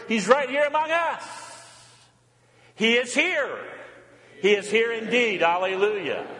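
High-voiced male preacher in reverberant church. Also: fairly bright tone. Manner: rhetorical questions and repeated refrains; leads the congregation in call and response. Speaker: pastor. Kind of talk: sermon. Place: church sanctuary.

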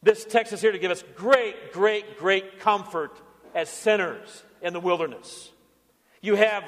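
A man, a pastor, preaching a lively sermon with told stories and acted-out quotes. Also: sits high, measured pace, long reverb tail. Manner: animated storytelling preacher, acting out quotes.

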